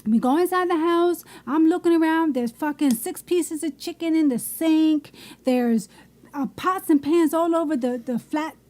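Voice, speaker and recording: A woman co-hosting a podcast, telling a story in a casual, animated way and swearing a lot. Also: sits high, moderate pace. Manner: profane, animated, emphatic. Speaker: podcast co-host.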